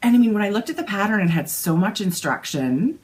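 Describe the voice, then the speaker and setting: A woman's voice: medium pitch, animated, a little fast, a little hiss or hum. A Canadian woman co-hosting a casual knitting podcast, talking in a gushing, enthusiastic way. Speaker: podcast co-host.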